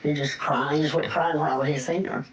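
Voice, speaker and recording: A man, recounting a family crime in a plain-spoken, unhurried testimonial interview. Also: a little high, steady tone, highs cut off, noisy background. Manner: plain-spoken, slow storytelling with grammar from his home region. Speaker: interviewee, sibling of the suspect. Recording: loud music bed underneath. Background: music.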